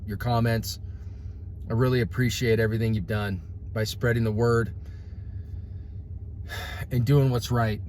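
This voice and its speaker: With a mid-range, slightly mellow voice and a little hiss or hum on the recording, a man vlogs a passionate, preachy rant at his followers. He speaks bluntly and casually, tossing out bro and dude, and breaks into prayer aloud.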